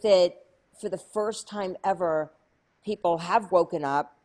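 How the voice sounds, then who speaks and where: Woman guest, chatty storyteller, slightly low voice, lots of fillers. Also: unhurried, a little mellow. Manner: chatty, many "like" fillers, acts out her own past lines. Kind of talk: animated storytelling in an interview.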